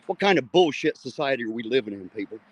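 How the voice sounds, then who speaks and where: A man's voice: mid-range voice, animated, quick pace, breathy edge, lo-fi sound. An angry man, ranting with a stream of curses while hosting a livestream from a car on his phone. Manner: loud, cursing, indignant. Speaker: livestream host. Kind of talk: angry profane livestream rant.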